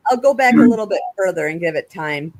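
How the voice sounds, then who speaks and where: A woman's voice: mid-range voice, animated, fast talker, a little mellow. Chatty woman hosting a panel. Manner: chatty, explains at length with frequent restarts. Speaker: podcast host. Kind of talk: casual panel discussion. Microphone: video call.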